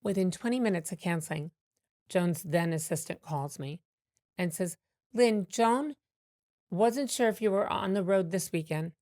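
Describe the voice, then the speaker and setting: Lively storytelling woman with a low voice. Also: measured pace, dry recording, studio quality. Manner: animated anecdotes with many fillers and restarts. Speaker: comedian guest. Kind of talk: storytelling in a podcast interview.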